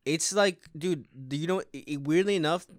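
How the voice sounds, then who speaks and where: A man's voice: fairly high pitch, normal speed, dry recording, clean studio sound. Laid-back man chatting on a podcast. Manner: laid-back, casual, profane. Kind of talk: casual opinion chat.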